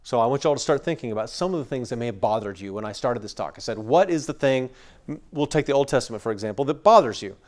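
A man's voice: mid-range voice, animated, fast, a little mellow. Chatty man from West Texas teaching. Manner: chatty, explains through everyday stories and acted-out quotes. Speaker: Bible teacher. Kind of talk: conversational lecture to a room. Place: room with an audience.

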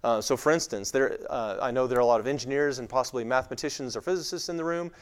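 A man's voice: medium pitch, fast, clean tone. A man from West Texas with a light West Texas accent, giving an informal lecture on the Bible to a live audience, talking conversationally with many fillers. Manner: conversational, with frequent fillers and acted-out quoted voices. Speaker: speaker teaching on the Bible.

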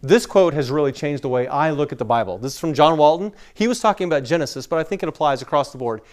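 A man's voice: on the high side, lively intonation, fast talker, darkish tone. A man from West Texas teaching scripture to a room of people in a conversational lecture, explaining through everyday stories. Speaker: Bible teacher. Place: room with an audience.

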